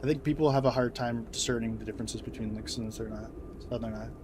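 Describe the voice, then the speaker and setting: A young man chatting loosely over a game, wandering from thought to thought with plenty of fillers and laughter. His voice sits at an ordinary middle pitch. A faint hum of noise stays underneath. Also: steady tone, fast. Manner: rambling, many fillers, laughs often. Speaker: gaming video creator. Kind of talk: casual commentary over gameplay.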